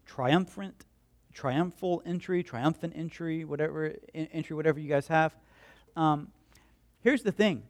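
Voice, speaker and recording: A pastor delivers a lively, conversational sermon, acting out the people in his stories. His voice sits high for a man, and he turns to ask his congregation questions as he goes. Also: a little slow. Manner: animated storytelling, acts out voices and crowd quotes.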